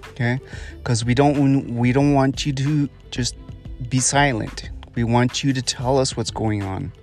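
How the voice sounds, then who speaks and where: A man at an ordinary middle pitch tells a family story in a relaxed, unscripted way. He hesitates often, filling pauses with ums and starting sentences over. Faint music plays quietly behind him. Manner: hesitant, many ums and restarts. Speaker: parenting podcast host. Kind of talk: casual storytelling monologue.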